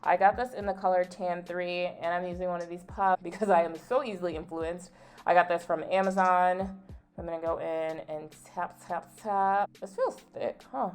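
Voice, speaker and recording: A woman's voice: lowish voice, steady tone, normal speed, smooth, soft background music. A young adult woman vlogging a casual get-ready-with-me chat, candid and full of "like", telling stories with playful indignation. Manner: chatty and candid, peppered with "like". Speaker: beauty vlogger.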